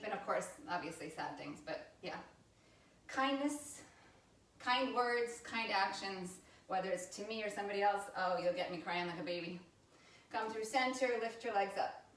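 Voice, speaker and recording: A yoga teacher in her thirties talks students through poses and breaths, mixing calm cues with candid, chatty asides. Her medium-pitched voice sits a little back from the mic, with a roomy echo around it. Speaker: yoga instructor. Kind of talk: live yoga class instruction. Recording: roomy sound from a distance from the mic.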